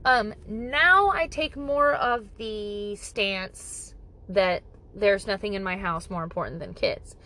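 A woman's voice: medium pitch, slow, sharp tone, low-quality recording. A woman talking casually to camera with parenting advice, blunt and profane, joking and exaggerating as she goes.

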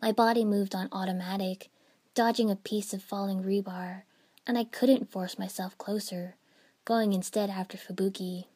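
A woman narrating a first-person fan fiction story in an even storytelling manner. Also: medium pitch, normal speed.

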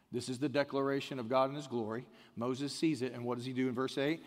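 Male pastor, sermon delivery, medium pitch, long church-hall reverb, dynamic from hushed to shouting. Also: fairly even intonation, fast, hardly any pauses. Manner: swings from quiet and intimate to loud, shouted emphasis.

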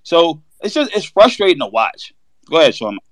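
A man on a panel talks sports casually, telling stories in lively slang. His voice sits fairly high and swings widely up and down. The sound is close and dry. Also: moderate pace, no echo. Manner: animated storytelling with slang.

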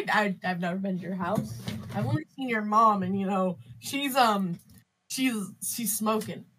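A woman's voice: mid-range voice, a little slow, background noise. A teenage girl chatting casually on a school club podcast, playful and teasing, giggling easily. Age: teens. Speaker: anime club member.

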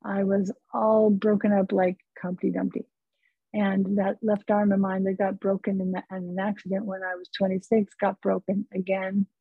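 Husky-voiced woman guest, earnest storyteller, heard over a dry, thin phone-quality line. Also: mid-range voice, level tone, normal speed, no room sound. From California. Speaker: psychotherapist guest. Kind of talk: personal storytelling in an interview.

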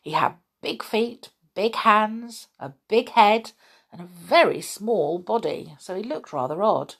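Unhurried woman reading a children's story. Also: mid-range voice, slightly rough. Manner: chatty, unhurried, expressive. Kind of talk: reading a children's book aloud.

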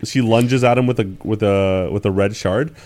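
A man's voice: on the low side, steady tone, moderate pace. A man co-hosting a casual anime discussion, swearing freely and joking around. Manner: loud, profane, jokey. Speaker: podcast co-host.

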